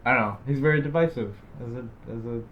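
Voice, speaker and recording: A man's voice: medium pitch, fast talker, highs cut off, background noise. A young man co-hosting a podcast in casual chat, rambling with lots of fillers and self-deprecating asides. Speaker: podcast co-host.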